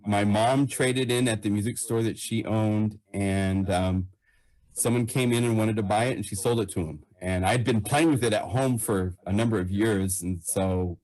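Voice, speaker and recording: A man being interviewed casually, answering in halting, self-deprecating bits and laughing at himself. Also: fairly low pitch, darkish tone, poor audio. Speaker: guest.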